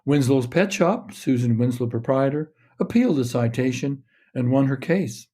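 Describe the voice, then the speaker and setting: A man reading his own short story aloud in a measured, steady narration. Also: mid-range voice.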